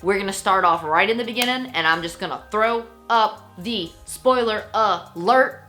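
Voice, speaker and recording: A woman talks through a book review in a loose, chatty vlog style. She is animated, laughs often and fills her speech with little asides. Her voice is bright, and faint music plays underneath. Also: medium pitch, normal speed.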